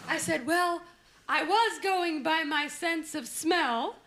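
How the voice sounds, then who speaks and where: Woman, stand-up comic, very high voice, drawn-out delivery, brash, live-show noise. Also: fairly bright tone. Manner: brash, insulting the audience. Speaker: stand-up comedian. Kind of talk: stand-up comedy routine. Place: comedy stage before live audience.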